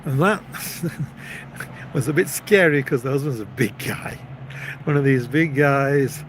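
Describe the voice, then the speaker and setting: A man's voice: mid-range voice, expressive, slow, poor audio. A man in the middle of his voice, telling a story on a live stream. He rambles and keeps circling back on himself, repeating little words before the next thought lands. There is a faint hiss of noise behind him. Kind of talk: casual storytelling.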